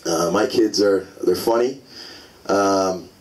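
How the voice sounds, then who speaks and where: A man's voice: deep voice, slow, far from the mic, low-quality recording. A man in his forties doing a stand-up comedy set, telling loose, rambling stories full of fillers on a club stage. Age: 40s.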